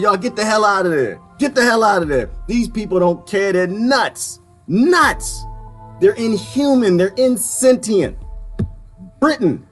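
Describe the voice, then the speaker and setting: A man ranting in a casual vlog, swinging from loud outbursts to quiet mutters and laughing often, with folksy talk. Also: high voice. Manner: folksy, uses "y'all". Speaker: vlogger. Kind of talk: ranting monologue.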